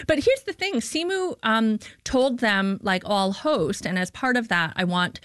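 A woman's voice: fairly high pitch, lively intonation, unhurried, fairly bright tone, no echo, studio quality. Chatty woman comedian telling a story. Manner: chatty, storytelling, many fillers. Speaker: comedian guest. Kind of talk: casual interview chat. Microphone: studio microphone.

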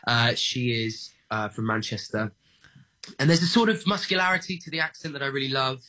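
An English actor appears as a guest on a radio interview, speaking at medium pitch, fairly quickly, with a bright, forceful tone. He answers thoughtfully yet hesitantly, full of "uh"s and restarts, with self-deprecating humor.

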